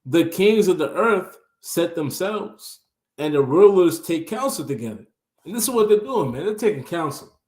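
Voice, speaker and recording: A man's voice: sits high, lively intonation, moderate pace, darkish tone, roomy sound. A man fiercely commenting on scripture in a religious talk show, tagging his lines with "man".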